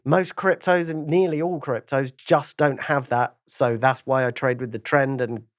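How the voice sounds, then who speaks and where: A man, a crypto trader, talking as a guest on an interview podcast in a chatty, animated way with many restarts and asides. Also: medium pitch, normal speed, no echo, clean studio sound. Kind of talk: casual interview chat.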